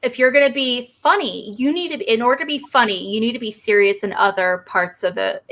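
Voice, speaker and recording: A woman's voice: fairly high pitch, fairly quick, a bit bright. A woman co-hosting a podcast in casual chat, hesitant and full of restarts as she thinks aloud. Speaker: podcast co-host.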